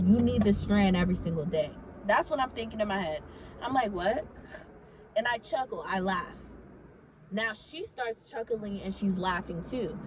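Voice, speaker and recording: A woman's voice: mid-range voice, noisy background. A young adult woman casually telling a story to her viewers, chatty and swearing freely.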